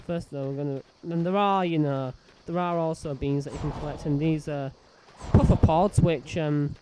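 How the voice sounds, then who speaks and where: A man's voice: fairly high pitch, steady tone, normal speed, heavy background noise. A man giving casual, rambling gameplay commentary full of fillers. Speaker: let's play host.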